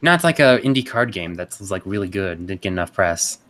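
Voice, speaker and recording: A man chatting casually before a tabletop game, relaxed and quick to laugh. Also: deep voice, no echo.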